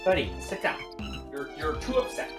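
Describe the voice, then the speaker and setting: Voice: medium pitch, lively intonation, moderate pace. A co-host chatting casually during a game playthrough, laid-back and jokey, often trailing off mid-thought. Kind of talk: casual chat over gameplay. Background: game music.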